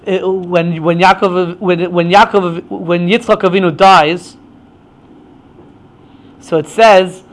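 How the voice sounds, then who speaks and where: A man's voice: sits high, steady tone, slow pace, pauses often. A man teaching an informal Torah class, explaining with many stammered restarts.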